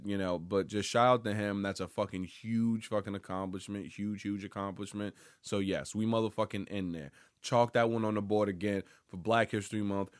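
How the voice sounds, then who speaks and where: A man hosting a podcast, giving casual, rambling pop-culture commentary full of swearing and sudden bursts of excitement. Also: lowish voice, no room sound, clean studio sound. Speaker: podcast host.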